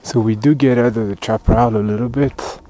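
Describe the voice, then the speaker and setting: A man's voice: mid-range voice, steady tone, a little fast, mellow, poor audio. French man narrating a hike on foot. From France. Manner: chatty, muttering asides while walking. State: slightly out of breath. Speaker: hiking vlogger. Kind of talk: casual walking commentary. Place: outdoor hiking trail in cold weather.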